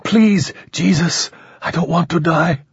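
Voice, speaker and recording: A man reading a story, voicing a dying bearded man who gasps and rasps between fear and spite. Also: on the high side, slow, dry recording, dull audio, voice pushed up, exaggerated voice. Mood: pleading whisper. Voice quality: gasping, rasping.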